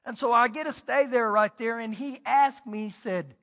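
High, bright-voiced man preaching a sermon. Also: moderate pace, long reverb tail. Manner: storytelling, swings between loud and hushed. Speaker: pastor.

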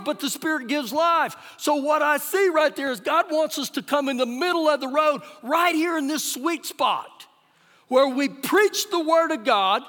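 High-voiced pastor preaching in a hall. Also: male voice. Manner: emphatic preaching, rises loud then drops soft. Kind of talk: sermon. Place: church sanctuary. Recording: live church recording with long hall reverb.

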